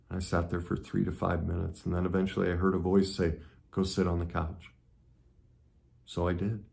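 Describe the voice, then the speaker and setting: A middle-aged man speaking as a self-help coach in an earnest, emphatic monologue that swings between intense and soft. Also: deep voice. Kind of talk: motivational monologue.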